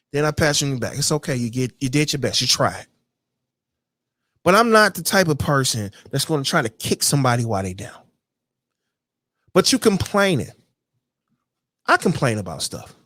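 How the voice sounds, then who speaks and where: A man's voice: a little high, very animated, normal speed, pauses often, a bit bright, no echo. A man hosting his own podcast, ranting bluntly and with a lot of profanity about a complaining coworker, and now and then mocking people in a whiny voice. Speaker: podcast host. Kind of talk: casual rant monologue.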